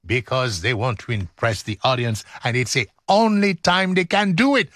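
A man's voice: medium pitch, moderate pace, few pauses, dry recording, clean studio sound. A man hosting a radio music show, joking through outtakes and telling stories with lots of laughter. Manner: jokey, animated, laughing often. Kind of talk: playful outtakes and storytelling.

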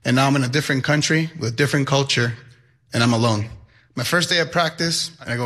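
Young guy telling his life story, bright forceful voice, earnest. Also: mid-range voice, fast talker. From Mexico. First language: Spanish. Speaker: high school Spanish teacher. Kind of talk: personal storytelling.

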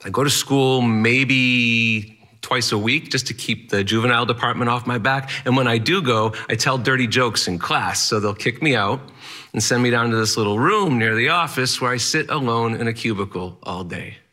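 A man's voice: mid-range voice, normal speed, sharp tone. A man performing a first-person story, narrating vividly in the present tense with rhythmic, punchy phrasing.

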